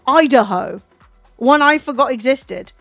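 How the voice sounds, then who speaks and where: A British woman with a high voice chats on a stream, teasing and disbelieving, with casual swearing. Her voice sits dry and close to the mic, with faint music playing underneath. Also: expressive, a little slow, gravelly, fairly bright tone, no echo. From Britain. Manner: teasing, incredulous, swears freely. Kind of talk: casual chat with a guest.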